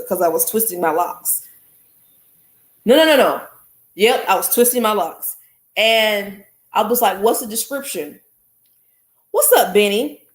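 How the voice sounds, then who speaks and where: A woman's voice: on the high side, reverberant. A woman, telling a story to her listeners in a blunt, casual podcast monologue. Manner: animated, blunt, addresses listeners as y'all. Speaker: podcast host.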